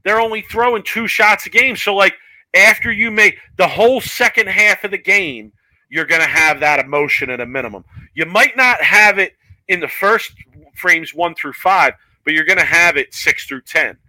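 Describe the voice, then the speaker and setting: A man co-hosting a casual sports talk show, excitable and quick to laugh, often saying "yo". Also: high voice, no room sound, poor audio. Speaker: co-host of a bowling talk show.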